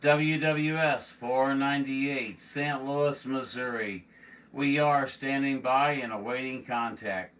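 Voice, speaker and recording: A man working as an amateur radio operator, calling for contacts and drawing out his call signs slowly. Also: medium pitch, fairly even intonation, fairly bright tone. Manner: slow, drawn-out call signs. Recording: voice a bit far from the mic, faint hiss.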